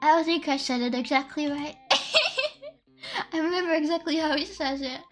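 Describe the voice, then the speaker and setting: A woman's voice: sits high, big pitch swings, normal speed, long pauses, fairly bright tone. A woman streamer in casual chat, playful, giggly and silly. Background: faint lo-fi music.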